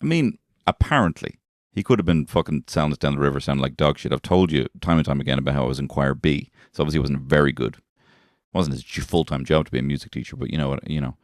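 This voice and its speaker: An Irish man in his thirties, a comedian hosting a podcast from his shed, rambling and swearing while high on weed. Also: fairly even intonation, fast, dry recording, clean studio sound. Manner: rambling, swearing, laughing at his own jokes. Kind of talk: rambling comic monologue. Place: garden shed.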